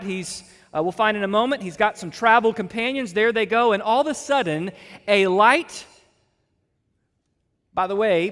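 A man's voice: high-pitched, fairly bright tone. A male pastor preaching an expository sermon, emphatic and stretching key words for weight. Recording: long reverb of a large hall.

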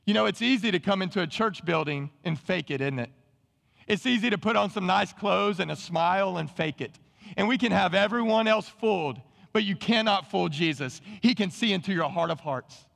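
Pastor, male, sermon delivery, high voice, long reverb from the hall. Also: lively intonation, normal speed, creaky, fairly bright tone. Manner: emphatic preaching, repeats key lines, addresses the congregation directly.

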